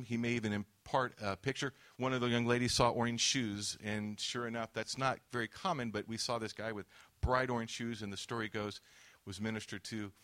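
A man's voice: mid-range voice, fairly bright tone. A man preaching a sermon, telling a testimony story and acting out the quoted dialogue.

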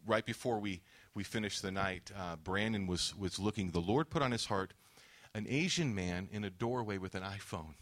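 A man's voice: fairly low pitch, a bit bright. A man preaching a sermon, telling a testimony story and acting out the quoted dialogue.

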